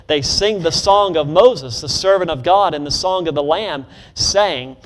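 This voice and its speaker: Man preaching with call-and-response. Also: fairly high pitch. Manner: call-and-response, leads congregation in repeating phrases; swings between quick asides and slow emphatic declarations. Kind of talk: sermon.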